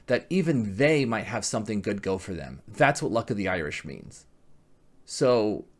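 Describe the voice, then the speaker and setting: Male history teacher, mid-pitch, casual lecturing with frequent restarts and self-corrections. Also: lively intonation, moderate pace.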